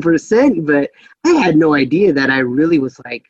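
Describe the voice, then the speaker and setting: A man's voice: on the high side, sing-song, normal speed, darkish tone, slightly rough, no echo, muffled recording. A man in his forties co-hosting a casual chat podcast, telling stories and laughing often. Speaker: podcast co-host.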